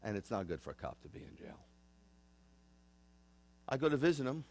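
A man's voice: mid-range voice, big pitch swings, moderate pace, darkish tone. A man in his fifties, a rabbi, preaching a conversational sermon in an earnest way, often repeating and restarting phrases. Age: 50s.

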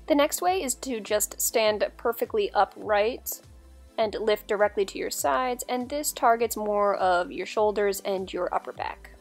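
A woman's voice: mid-range voice, a little slow, soft background music. A young woman talking through a dumbbell workout in a chatty, upbeat, instructive way, like a fitness vlogger.

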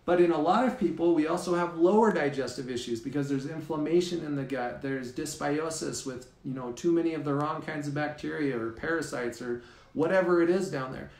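A man, a health practitioner guest, explaining things in a measured, casual way. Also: on the high side, darkish tone, echoey room.

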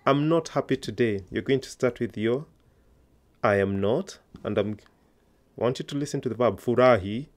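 A man's voice: medium pitch, normal speed. A man teaching an online language lesson, patiently coaxing learners to answer aloud.

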